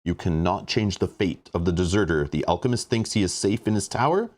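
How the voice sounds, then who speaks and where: A man reading aloud the lines of a threatening robed male sorcerer from a board game storybook, in a fairly low voice. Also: lively intonation, a little fast, darkish tone. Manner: amused, threatening.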